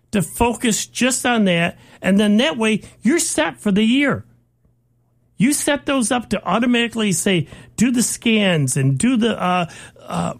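A man's voice: high-pitched, creaky. A man co-hosting a tech talk show, giving folksy advice to listeners in a casual chat.

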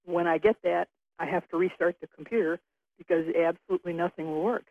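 A woman's voice: lowish voice, fairly even intonation, quick pace, dry recording. A woman from northern New York State calling a radio show, hesitantly explaining a computer problem. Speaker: caller. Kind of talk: phone-in question. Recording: tinny phone line.

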